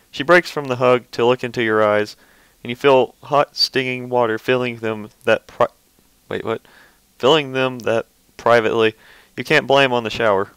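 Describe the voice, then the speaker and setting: A man's voice: mid-range voice, fairly even intonation, moderate pace, fairly bright tone, clear, resonant tone, no echo, poor audio. A man reading fan fiction aloud, often stumbling over words and breaking off into casual, offhand asides. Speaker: reader.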